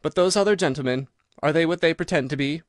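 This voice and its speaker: A man's voice: fairly high pitch, fast talker, dry recording, studio quality, pitched above the performer's own voice, natural voice. A man voicing a nervous, fat older man with a reedy, quivering voice in an audiobook. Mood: relieved. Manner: jittery, pleading.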